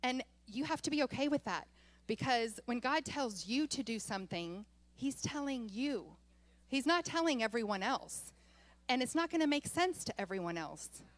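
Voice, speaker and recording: A woman pastor preaching a sermon, telling a personal story in an animated way and laughing often as she goes. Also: on the high side, moderate pace, no echo.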